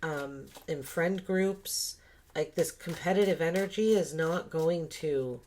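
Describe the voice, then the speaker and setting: A woman's voice: low-pitched, slow, a little mellow, slight background noise. A woman giving a casual tarot reading, thinking aloud and musing with many fillers and restarts. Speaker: tarot reader.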